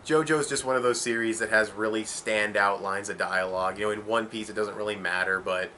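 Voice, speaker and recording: Young male reviewer, bright forceful tone, low-set voice, faint noise behind. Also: fairly even intonation, brisk. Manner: rambling, opinionated, swears casually. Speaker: anime reviewer. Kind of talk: casual video review.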